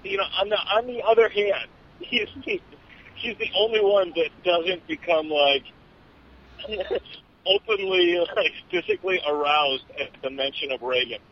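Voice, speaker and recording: A man in casual political banter, joking drily and pausing often with "uh". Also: high voice, a little hiss or hum. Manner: dry jokes, halting with many uhs. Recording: dull lo-fi recording.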